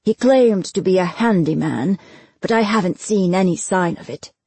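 A woman narrator voicing a defiant young man who speaks flatly and coldly to his cruel father. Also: on the low side, normal speed, breathy edge, no echo. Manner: flat, bored delivery.

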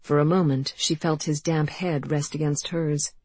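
A woman reading an audiobook in a measured storytelling manner, recorded close. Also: deep voice, steady tone, darkish tone, breathy edge, no echo. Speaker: audiobook narrator. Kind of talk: scripted narration.

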